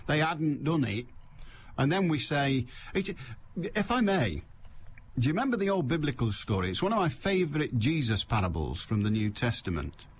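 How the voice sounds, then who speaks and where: A man's voice: medium pitch, slight background noise. A man hosting a radio phone-in, giving a wry, opinionated monologue in a conversational storytelling manner.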